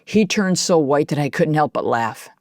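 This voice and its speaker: A man's voice: fairly high pitch, expressive, moderate pace, no room sound, studio quality, close to an everyday voice. A woman reading as a young soldier's war diary. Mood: matter-of-fact.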